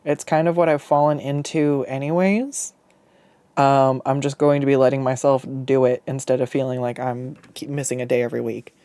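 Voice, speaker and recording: A VTuber artist talks loosely and ramblingly while drawing on stream, with frequent self-deprecating laughs and plenty of swearing. The voice sits at a middling pitch, and the sound is dry and close, with no room echo. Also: fairly even intonation, normal speed, warm tone, smooth. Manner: rambling, loose, swears freely when annoyed.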